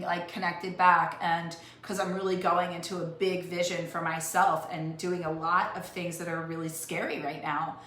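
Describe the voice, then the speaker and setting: A woman's voice: fairly low pitch, fairly bright tone. Earnest, emotional woman in an echoey room. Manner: earnest, emotional, repeats and restarts phrases. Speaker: life coach. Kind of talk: heartfelt motivational talk to camera. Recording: echoey room with faint noise.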